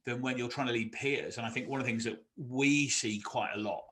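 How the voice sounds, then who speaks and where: Speaking briskly in a mid-range voice, this ex-army officer and podcast co-host swaps military anecdotes in a relaxed, conversational way. He pokes fun at himself, chats freely, and livens up whenever he's quoting someone.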